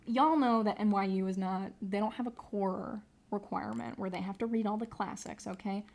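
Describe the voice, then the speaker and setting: A woman's voice: fairly high pitch, pushed and bright. A young woman streamer chatting casually, rambling, sarcastic and swearing freely. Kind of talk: casual live-stream chat.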